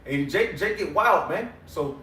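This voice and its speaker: A man's voice: fairly high pitch, animated, measured pace, pushed and bright, slight background noise. A man in a casual faith group discussion, talking fired up and profane and ending lines with "man". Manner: profane, fired-up street talk, says "man" constantly. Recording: echoey room, mic far off.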